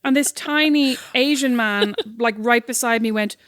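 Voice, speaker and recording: Speaking at a moderate pace in a slightly high voice, a woman co-hosts a podcast and chats casually. She tells stories animatedly, performing the quotes, and the recording is dry and studio quality.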